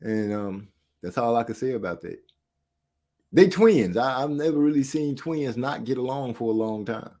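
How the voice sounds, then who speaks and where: A man telling a story in casual podcast chat, slangy and animated, often laughing between lines. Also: medium pitch, normal speed.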